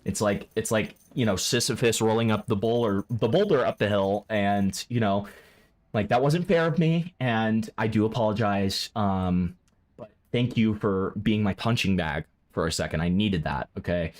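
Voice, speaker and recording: A man streaming live, reacting to clips with profane, excitable commentary that jumps into loud, high outbursts. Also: moderate pace.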